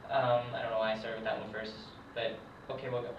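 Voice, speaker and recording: A young man, a hobbyist French teacher, gives a casual lesson while writing on a whiteboard in a room, hesitating with many ums. His lowish voice is level and fast, and the lo-fi camera audio is echoey, distant, dull, with background noise.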